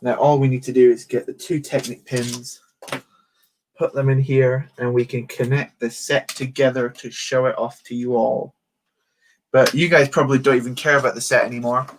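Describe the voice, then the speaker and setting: A man's voice: medium pitch, little pitch movement, normal speed, a little hiss or hum. A man chatting casually on a livestream while building a toy set, joking and poking fun at himself. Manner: chatty, joking, self-mocking.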